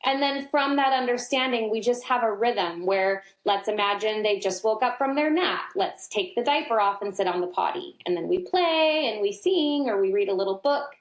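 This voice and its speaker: A middle-aged woman talks as an interview guest about potty training. She tells her stories with energy and jumps into high playful voices when she quotes her toddler. Her voice carries a noticeable roomy echo. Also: normal speed, hardly any pauses. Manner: animated storyteller, acts out her toddler in a high voice. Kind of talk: casual interview talk.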